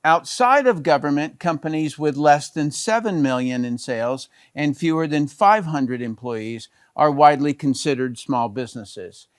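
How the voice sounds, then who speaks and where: A man's voice: on the high side, moderate pace, few pauses, clear, resonant tone, no room sound, studio quality. A middle-aged man, a business educator, explaining business models in a conversational talk and checking in often with "okay" and "all right". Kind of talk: explanatory talk over slides.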